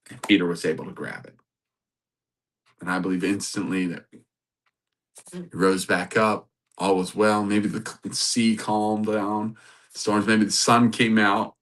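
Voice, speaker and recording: A man hosting a podcast, giving a sermon-like Bible talk, animated and laughing often. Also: lowish voice. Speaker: podcast host.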